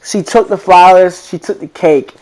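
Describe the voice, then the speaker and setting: Teen boy, casual storytelling, slangy, rambling, a bit high voice. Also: moderate pace. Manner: slangy, rambling, animated retelling with quoted voices. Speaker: vlogger.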